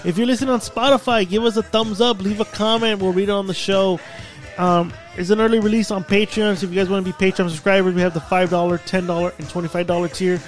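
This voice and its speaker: A man with a high voice hosts a loose podcast chat, crude and laughing often. Faint music runs behind him. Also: steady tone, quick pace, few pauses. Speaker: podcast host. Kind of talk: casual banter.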